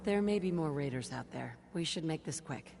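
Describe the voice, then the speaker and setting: A calm, matter-of-fact heroine. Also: female voice, low voice, brisk, creaky, slight background noise.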